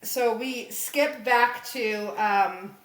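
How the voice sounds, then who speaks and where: High-voiced woman, animated podcast recap. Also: drawn-out words, echoey room. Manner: animated, swears freely, laughs often. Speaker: podcast co-host. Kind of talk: casual chat recapping comics.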